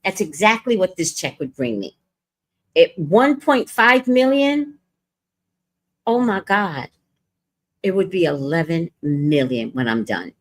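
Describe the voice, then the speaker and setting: Speaking slowly in a lowish voice with long pauses, a woman hosts a laid-back livestream. She's a reader and host who trades talk with viewers and tells profane, brash stories with animated flair over her streaming setup.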